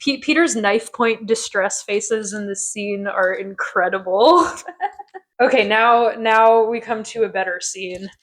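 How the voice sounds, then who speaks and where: A woman co-hosting a podcast, recapping a TV episode in casual chat, animated and quick to laugh as she acts out quotes. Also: mid-range voice, rough recording. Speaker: podcast co-host.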